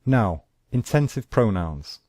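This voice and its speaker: A man teaching an English grammar lesson, speaking slowly and deliberately and repeating his examples. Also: fairly low pitch, very animated, darkish tone, no echo, studio quality.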